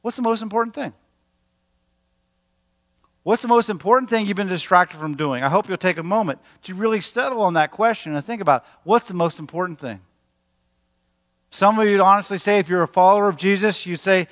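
A man, a pastor, preaching a sermon in a lively, animated way and acting out quoted voices. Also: high-pitched, a little fast, long pauses. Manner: animated, acts out quotes with a raised voice. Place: church sanctuary. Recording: large church hall with long reverb.

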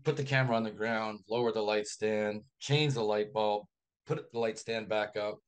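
A male author, a guest on a radio interview, telling a long anecdote in a lively raconteur's manner. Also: lowish voice, moderate pace, smooth. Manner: lively raconteur, acts out quoted voices.

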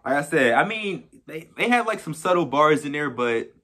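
A man hosting a music reaction, talking fast and excited in slang and repeating his points over and over. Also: fairly high pitch. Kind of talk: hyped reaction commentary. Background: faint hip hop track playing.

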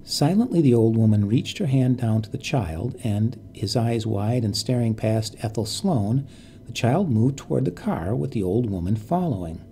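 A man reading a bedtime story in a calm, measured narration. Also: mid-range voice, a little hiss or hum.

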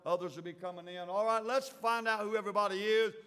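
A man's voice: high-pitched, fairly even intonation, fast, fairly bright tone, clean tone. A man with a Southern US accent, a pastor leading a church service and giving folksy announcements. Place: large church sanctuary. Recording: long church hall reverb.

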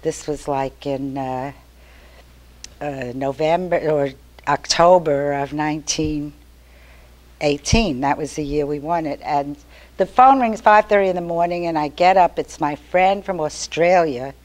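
An older woman tells her story in a lowish, conversational voice. She talks casually to an activist meeting and slips into lively quotes as she goes. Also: a little slow. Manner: chatty, storytelling, animated quotes. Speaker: activist speaker. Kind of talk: informal talk at a meeting.

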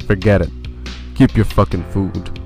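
A man's voice: sits low, fairly even intonation, a little slow, gravelly, mellow, faint music behind. A man voicing an arrogant, spoiled rich young man who is rude and impatient, speaking in a sneering, demanding way. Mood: contemptuous.

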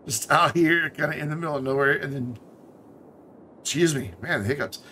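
A man streaming himself playing a city-building game, talking casually in a relaxed, rambling way and trailing off into muttered asides. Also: a little high, fast, a little hiss or hum.

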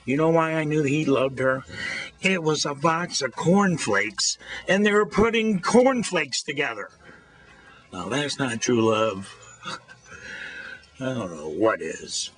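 A man's voice: mid-range voice, expressive, slow pace, long pauses, a bit bright. A middle-aged man telling jokes in a casual rant outdoors by a street, holding the camera to himself. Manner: folksy storyteller who acts out quoted voices. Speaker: vlog host. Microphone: handheld camera held to himself.

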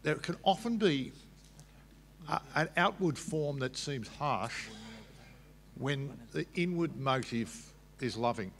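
A man's voice: mid-range voice, expressive, takes it slowly, pauses often, a bit bright. A man at a public debate, explaining scripture patiently, with frequent restarts. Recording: long hall reverb.

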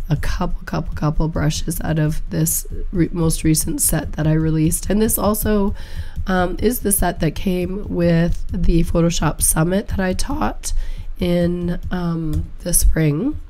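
A woman with a low, dark, mellow voice that is hoarse from illness. She walks through a painting tutorial in a chatty, encouraging way. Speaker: photo painting instructor. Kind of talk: screen-recorded software tutorial.

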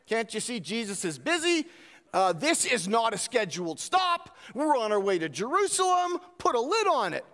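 A man voicing impatient disciples who brusquely tell a beggar to be quiet. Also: extremely high pitch, big pitch swings, normal speed, in a large hall, heavily acted. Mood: irritated. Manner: brusque, dismissive.

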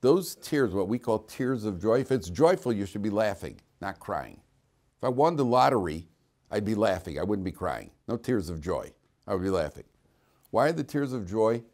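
A man's voice: on the low side, big pitch swings, normal speed, darkish tone. A man teaching a class as a rabbi, talking informally, questioning students and cracking jokes, with frequent restarts.

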